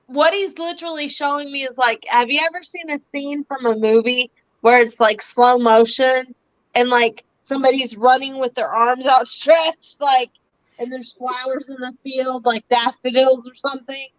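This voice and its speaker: A woman's voice: high voice, fairly even intonation, normal speed, fairly bright tone, no echo, highs cut off. A woman hosting a live-stream psychic reading, relaying messages in a chatty way with lots of filler words. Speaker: psychic medium and host.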